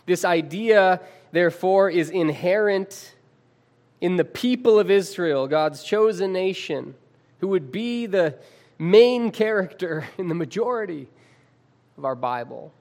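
A male preacher giving a sermon, reading scripture aloud with dramatic pauses and calling his listeners friends. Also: sits high, lively intonation, a little mellow.

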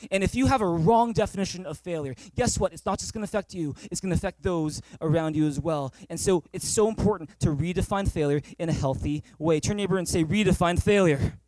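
A man's voice: sits high, a little mellow, no room sound. A male pastor preaching a sermon at a church service, emphatic and repetitive, calling for amens.

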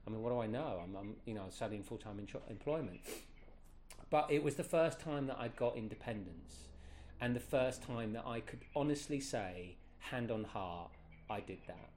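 A man's voice: mid-range voice, moderate pace, slight background noise. A man in his fifties, a guest telling a long personal story in a casual, rambling way, correcting himself as he goes. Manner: animated, rambling, many self-corrections.

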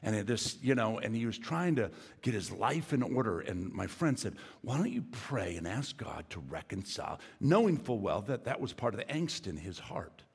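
Gravelly-voiced man preaching a sermon. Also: on the low side, sing-song, normal speed, few pauses, in a large hall. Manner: storytelling, builds to emphatic preaching. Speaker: pastor.

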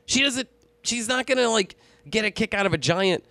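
Tipsy man telling stories, very animated. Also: high-pitched, normal speed, dry recording. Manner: rambling, profane, animated storytelling. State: tipsy from drinking. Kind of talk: casual chat.

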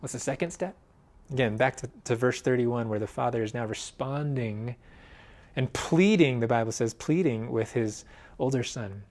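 A man preaching a sermon in an earnest way, swinging from loud emphasis to hushed, quiet phrases. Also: mid-range voice, moderate pace. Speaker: pastor.

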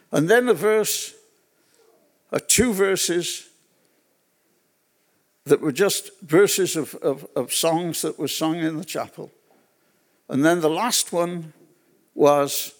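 A male pastor preaches to a church gathering in an unhurried way, weaving in personal stories and repeating key phrases for emphasis. His pitch sits a little high.

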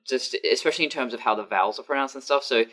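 A woman, a podcast guest, chatting animatedly with quick asides and frequent laughs. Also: a bass voice, fairly bright tone. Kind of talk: casual chat.

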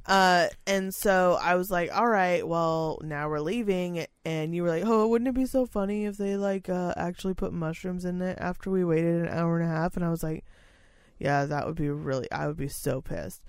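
A young woman telling a story in casual chat, swearing a lot, exasperated and animated, acting out what people said. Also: lowish voice, moderate pace, clean tone, no room sound, clean studio sound. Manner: swears heavily, animated and exasperated, acts out quotes.

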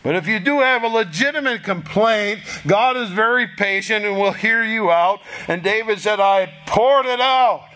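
A man preaching a sermon in a slow, deliberate way, pausing for effect and acting out prayers in a pleading voice. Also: high voice, pushed and bright. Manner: slow, deliberate delivery with dramatic pauses; acts out prayers in a raised, pleading voice.

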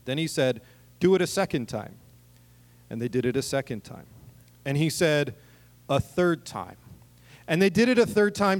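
A man preaching a sermon, reading scripture and breaking in with joking, animated asides to the congregation. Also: fairly high pitch. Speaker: pastor. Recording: long reverb of a large hall.

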